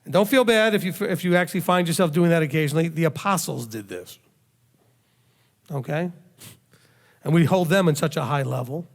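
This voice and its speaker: The congregation's rabbi has a somewhat high, creaky voice and a brisk delivery broken by frequent pauses. His sermon feels conversational, built on rhetorical questions and emphatic repetition, and it echoes with long hall reverb.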